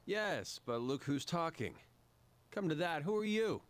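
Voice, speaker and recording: A blunt young village samurai. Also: male voice, a little high, lively intonation, a little slow.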